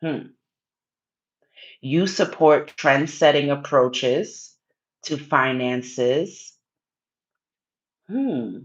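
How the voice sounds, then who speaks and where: A woman's voice: low voice, drawn-out words, pauses often, lo-fi sound. A woman hosting a casual livestream, reading viewer comments and giving card readings in a teasing, coaxing, playfully pushy way.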